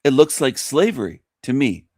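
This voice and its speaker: A man's voice: mid-range voice, big pitch swings, normal speed, darkish tone, no echo. Man host, ranting monologue, mocking and preachy, dry close sound. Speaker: radio show host.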